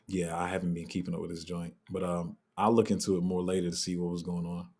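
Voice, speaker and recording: A man's voice: sits low, flat delivery, fast talker, warm tone. A man hosting a casual live crypto Q&A, answering chat in a loose, candid way and trailing off while he looks things up. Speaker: crypto livestream host.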